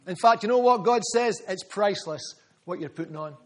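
A man preaching with a high, ringing voice. He is fervent and repetitive, building his phrases in waves and calling on congregation members by name. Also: fairly quick, a little mellow. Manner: rhythmic repetition, builds in volume. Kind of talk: sermon.

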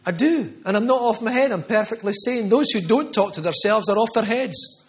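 A man's voice: high-pitched, a little fast. A middle-aged man preaching a charismatic sermon with prophetic words, fervent and emphatic, repeating phrases for stress. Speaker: pastor.

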